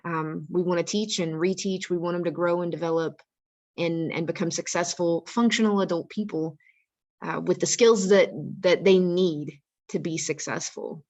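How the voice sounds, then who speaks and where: A woman's voice: fairly low pitch, steady tone, normal speed, a little mellow. A woman on the staff of a school, talking earnestly and practically to parents and giving them advice on handling angry teenagers. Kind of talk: informal parent-education talk.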